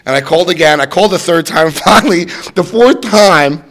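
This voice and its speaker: A man in his fifties telling a personal recovery story to an audience, acting out quotes with sudden jumps in pitch and loudness. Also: fairly quick. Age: 50s. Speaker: recovery speaker.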